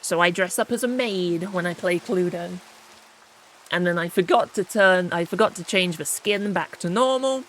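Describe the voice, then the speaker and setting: Streaming a game, a woman with a fairly low voice chats playfully at a moderate pace and pokes fun at herself as she plays. There's slight background noise.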